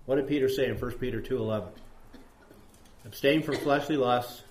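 A man's voice: medium pitch, normal speed. A man leading a conversational Bible study, rambling a little and asking the group questions. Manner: rambling, asks the group questions, many fillers. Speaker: Bible teacher. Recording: echoey room.

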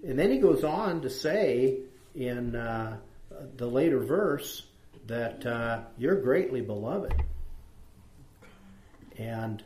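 A man's voice: mid-range voice, mellow. A man teaches a small Bible study group, reading verses aloud and turning to the group with questions. His manner is conversational and plain, with scattered fillers. The sound is echoey, as if recorded in a hard-walled room.

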